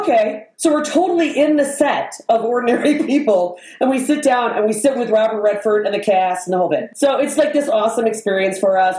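A woman hosts a casual conversation, bubbly and animated as she tells stories and laughs along the way. Her voice sits in the middle of the range for a woman. The recording has a roomy echo around it. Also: mid-range voice. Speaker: podcast host. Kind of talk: casual chat.

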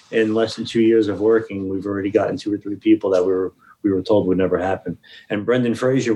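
Convention guy chatting, lowish voice, matter-of-fact and confident. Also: warm tone, low-quality recording. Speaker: convention organizer. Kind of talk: casual chat.

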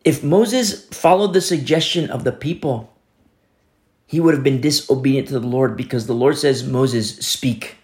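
A man preaching a sermon, acting out quoted speakers with sudden swings between loud, high calls and low, hushed asides. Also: normal speed. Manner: dramatic, voicing quoted speakers with big swings in pitch and loudness. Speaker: pastor.

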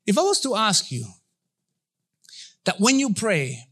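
Man, pastor, animated preaching, high voice, bright and forceful tone, middle-aged. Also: a little slow. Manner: animated, acts out voices and dialogue. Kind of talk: energetic sermon.

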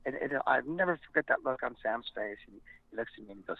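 A rock singer from Montebello, California, tells stories at a quick pace in a gravelly, mid-range voice during a casual interview. He's an animated storyteller who swears casually and performs the quoted voices, heard in phone-quality sound.

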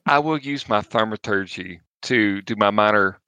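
A man's voice: lowish voice, moderate pace, bright, forceful tone, smooth, dry recording. A man playing a tabletop game, urgent and exasperated in casual chat. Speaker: player.

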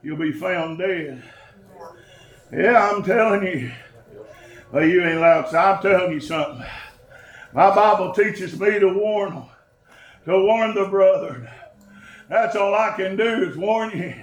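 A man shouts a fiery sermon in a very high voice. He chants in short bursts, with a rhythmic "uh" gasped between phrases. The church room rings with echo around him. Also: measured pace, long pauses. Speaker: pastor. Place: church service. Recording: echoey church sanctuary.

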